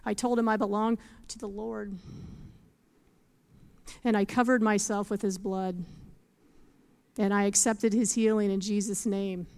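Earnest woman with a smooth voice. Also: medium pitch, unhurried, long pauses. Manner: earnest, animated storytelling with scripture quotes; laughs often. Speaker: speaker giving a faith testimony. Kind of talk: testimony talk.

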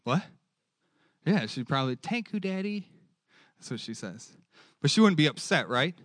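A male preacher giving a lively sermon and keeping the audience engaged with questions. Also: medium pitch, moderate pace, no room sound, studio quality. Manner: animated, asks the audience questions.

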